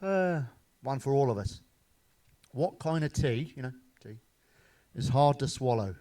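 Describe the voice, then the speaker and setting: A middle-aged man delivers dad jokes in stand-up style. He peppers every punchline with swearing and chuckles at his own gags. His voice sits at an ordinary middle pitch for a man. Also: lively intonation, unhurried, dark tone. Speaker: stand-up comedian. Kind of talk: stand-up one-liners.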